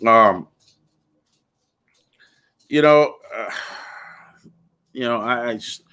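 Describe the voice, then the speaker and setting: A man's voice: mid-range voice, extremely slow, bright, forceful tone, clean tone. A man hosting a casual talk show, speaking bluntly and ranting, often calling the listener "dude.". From California. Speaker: podcast host.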